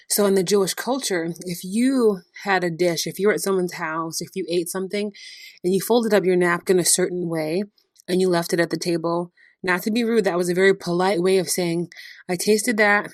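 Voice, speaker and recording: A woman hosting a devotional podcast, retelling Bible stories in a lively storytelling way with frequent laughter. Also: on the low side, brisk, no room sound, studio quality. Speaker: podcast host.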